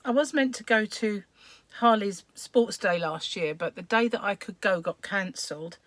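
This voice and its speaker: Brief: middle-aged woman, croaky and a touch hoarse, rambling live-stream chatter, dry close sound. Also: medium pitch, normal speed, a bit bright, dry recording. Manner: chatty, rambling, greets viewers by name. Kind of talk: casual live stream chat.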